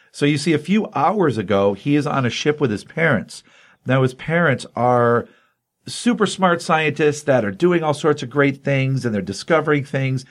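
A man hosting a casual comic book review podcast, retelling the plot in an animated storytelling way. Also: mid-range voice, normal speed.

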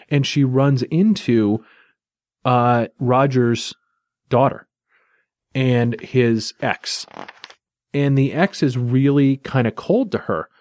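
A man's voice: mid-range voice, a little mellow, no room sound, clean studio sound. A man casually recapping and reviewing a comic book in a chatty, enthusiastic, loosely told way.

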